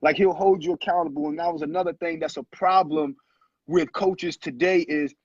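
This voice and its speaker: A man in his thirties, a former pro basketball player and guest, telling animated stories in casual talk and acting out quotes. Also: a little high, moderate pace, no room sound. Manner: animated storyteller who acts out quotes. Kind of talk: casual storytelling interview. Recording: muffled lo-fi audio, husky.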